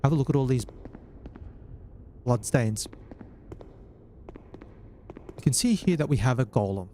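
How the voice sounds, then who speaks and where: A man's voice: medium pitch, lively intonation, measured pace, dark tone, slight background noise. A man giving chatty, wry let's-play commentary on a game as he plays. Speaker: gaming YouTuber.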